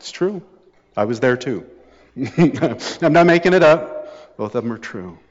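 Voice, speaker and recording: A middle-aged man preaches, telling personal stories with a wry, sarcastic edge. His voice sits at an ordinary pitch and carries a long reverb from a large hall. The sound is a bit dull and muffled. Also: lively intonation, a little slow. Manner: anecdotal, wry and sarcastic asides. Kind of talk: sermon storytelling.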